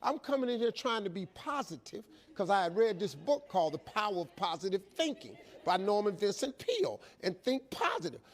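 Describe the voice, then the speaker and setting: A man's voice: high voice, big pitch swings, a little fast, few pauses. A middle-aged man telling a folksy, emphatic, preacher-like story to a live audience as a motivational speaker.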